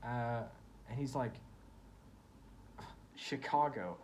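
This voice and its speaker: A man's voice: medium pitch, normal speed, darkish tone, a little hiss or hum. A young man telling a personal story in a casual vlog, rambling and full of fillers as he reflects on his own feelings. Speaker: vlogger.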